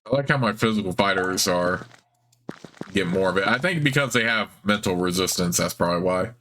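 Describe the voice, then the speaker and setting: A man hosting a let's play, reading the game text aloud in a plain, even way with offhand asides. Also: sits low, a little fast.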